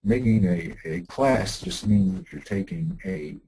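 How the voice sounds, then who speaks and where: Gravelly deep-voiced man teaching a text. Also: animated, warm tone, poor audio. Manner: halting, many restarts and fillers while explaining a text. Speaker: Talmud teacher. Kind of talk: classroom text lesson.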